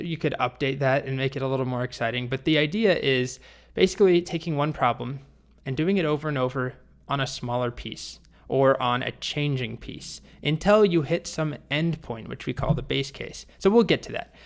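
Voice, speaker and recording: A male programming instructor telling a story in a recorded course lesson. He talks in a loose, conversational way with small restarts. His pitch sits in a plain middle range. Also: moderate pace.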